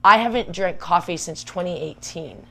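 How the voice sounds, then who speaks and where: A woman rants to her livestream viewers, talking quickly and with heat. Her voice sits a little low, and she piles one complaint onto the next. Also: vocal fry, bright, forceful tone. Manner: ranting, worked up, fast and emphatic. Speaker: livestream vlogger. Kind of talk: casual venting chat.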